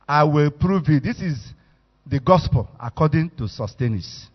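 Animated Nigerian preacher in an echoey hall. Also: male voice, a little high, moderate pace, husky. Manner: animated, storytelling, acts out quotes. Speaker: bishop, preacher. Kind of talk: sermon. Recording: echoey hall, muffled sound.

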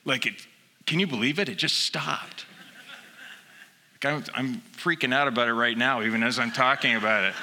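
Bright-voiced male pastor preaching in a hall. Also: medium pitch, normal speed, long pauses. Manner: animated storytelling with acted-out asides, building to emphatic exhortation. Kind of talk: sermon. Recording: long reverb of a hall.

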